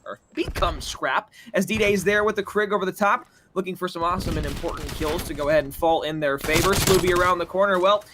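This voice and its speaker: A young man casting an esports match with hyped, jokey, drawn-out announcer delivery. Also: sits high, background noise. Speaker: esports caster. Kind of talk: play-by-play esports commentary.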